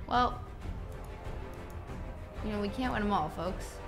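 A woman's voice: mid-range voice, takes it slowly, long pauses, music in the background. A young woman from New Jersey streaming a game, chatting casually and answering viewer questions with playful asides. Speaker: livestreamer. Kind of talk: casual chat while gaming and reading chat.

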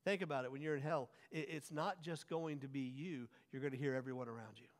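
A man preaching a sermon as pastor, swinging from hushed lines to loud, drawn-out emphasis. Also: mid-range voice, steady tone. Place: church sanctuary. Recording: long church hall reverb.

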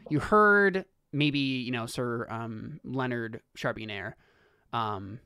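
Game master, tabletop rules explanation, frequent restarts, mid pitch, dry close sound. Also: slow, pushed and bright, clean tone, no echo.

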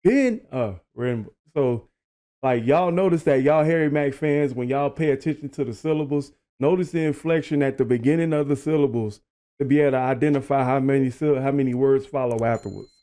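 Mellow-voiced man reacting to rap. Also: mid-range voice, a little fast, clear, resonant tone. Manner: breaks down lyrics, repeats lines, animated and impressed. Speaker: reaction video host. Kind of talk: casual reaction commentary.

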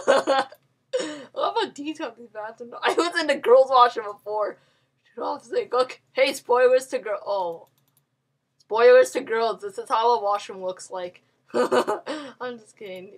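A woman's voice: a little high, a little slow. A young woman giving playful let's-play commentary, giggling often and bossing other players around. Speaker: gamer.

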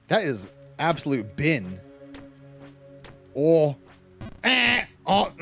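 Lively Irish man streaming, faint music. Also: medium pitch. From Ireland. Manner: animated, laughing often, cursing at the game. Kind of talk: casual gaming livestream chat.

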